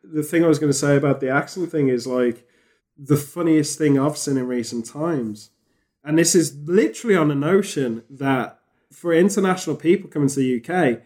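A man, talking casually on a podcast. His voice sits a little high for a man, and he rambles eagerly, often restarting his sentences. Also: moderate pace. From England. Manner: rambling, animated, many restarts. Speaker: podcast host.

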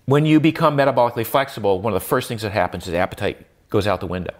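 A man's voice: on the low side, lively intonation, very fast. An older man, a guest in an interview, talking reflectively with many restarts and fillers, his voice lifting when he stresses a point. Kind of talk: conversational interview.

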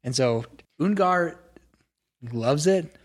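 A man's voice: fairly high pitch, lively intonation, slow pace. Give me a casual man narrating a tabletop game as game master. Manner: casual, hedging with filler words.

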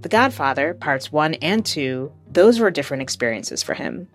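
A woman hosting a podcast, reading a scripted narration in a measured, explanatory way. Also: sits low, animated, faint music behind. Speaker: podcast host.

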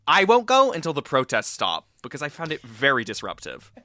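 Lively man reading reviews on a podcast. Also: mid-range voice, a little fast. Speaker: podcast co-host.

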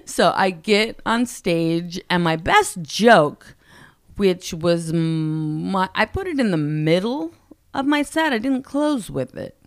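A woman in her forties, a stand-up comedian, telling animated stories with frequent laughs in a casual podcast chat. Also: lowish voice, no echo, clean studio sound. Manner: animated, laughs often, quick asides. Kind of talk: casual anecdote storytelling.

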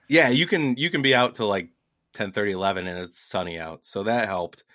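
A man in his forties, a podcast guest telling travel stories in an animated, laughing way. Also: fairly low pitch, fairly quick, no room sound. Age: 40s. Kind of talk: casual storytelling.

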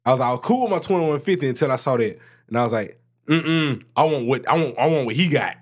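A man co-hosts a casual podcast, telling a story about work. His pitch swings widely and jumps up high when he gets worked up. He swears freely and talks in loose, animated bursts. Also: quick pace. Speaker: podcast co-host. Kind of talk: casual chat.

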